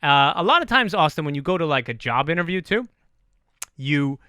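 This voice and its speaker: A middle-aged man hosting a podcast, talking in an animated, profane, self-deprecating casual chat. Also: a little high, a little fast, smooth, dry recording, studio quality. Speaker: podcast host.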